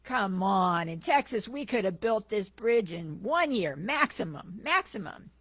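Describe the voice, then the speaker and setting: A woman's voice: mid-range voice, big pitch swings, measured pace, fairly bright tone, no room sound. A woman voicing a boastful male Texan tourist, brash and bragging.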